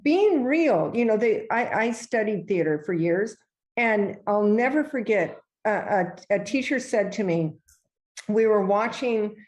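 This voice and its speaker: A woman's voice: mid-range voice, unhurried. A middle-aged woman, a real estate agent, telling stories in a casual podcast interview over a remote call. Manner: chatty, animated storyteller who mimics other voices.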